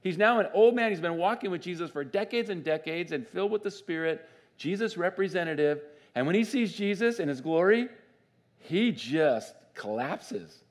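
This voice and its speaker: A man preaching a sermon as pastor in a church, conversational and animated, often asking the congregation questions. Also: sits high, normal speed. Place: church sanctuary.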